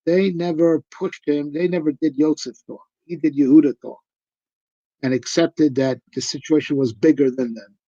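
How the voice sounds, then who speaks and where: A man's voice: fairly high pitch, fairly even intonation, normal speed, dark tone, dry recording. A male rabbi giving a live, conversational discourse on Torah, emphatic and full of rhetorical questions. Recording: dull lo-fi recording.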